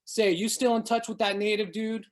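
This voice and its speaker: A man's voice: high-pitched, steady tone, normal speed, pitched above the performer's own voice, lightly acted. A man reading aloud, voicing a slurring, scheming man who turns panicky when threatened. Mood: smooth. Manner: wheedling, then pleading.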